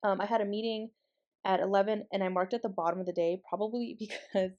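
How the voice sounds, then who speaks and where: Chatty woman, mellow voice. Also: mid-range voice, fairly even intonation, quick pace, muffled recording. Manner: rambling, chatty, many fillers and asides. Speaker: planner vlogger. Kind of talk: casual voice-over chat.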